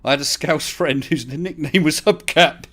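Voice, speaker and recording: A man's voice: fairly high pitch, moderate pace, fairly bright tone. A man hosting a live stream, chatting casually and laughing often. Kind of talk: casual chat. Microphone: voice chat call.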